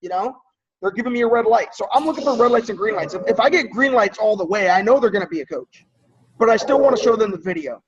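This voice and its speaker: A man leading a team training call in a casual coaching style, checking in often with his listeners and clearing his throat now and then. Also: sits high, lively intonation, fast talker, far from the mic. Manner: conversational, checks in often with "right?" and "okay?". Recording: dull lo-fi audio from off-mic.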